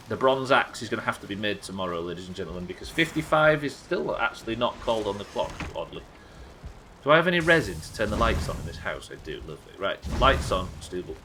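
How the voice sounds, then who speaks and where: A man's voice: lowish voice, sing-song, a little fast, a bit bright, a little hiss or hum. A young man hosting a live game stream, bantering with chat in a sweary, exasperated way. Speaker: streamer host.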